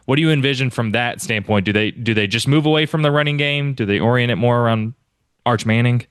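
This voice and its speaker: A man's voice: mid-range voice, fast, clear, resonant tone, no room sound. A man hosting a casual sports podcast, asking long, rambling questions. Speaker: podcast host.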